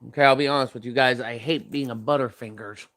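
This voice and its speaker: A man's voice: medium pitch, fairly even intonation, fast, fairly bright tone, slight background noise. A young man chatting casually while tasting snacks, rambling with many fillers and talking with his mouth full. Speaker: vlogger.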